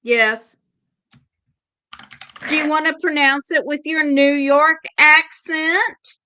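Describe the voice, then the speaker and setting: Southern woman talking real slow and measured, bright sharp tone. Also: high voice, steady tone, slight background noise. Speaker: co-host. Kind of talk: casual chat on a livestream.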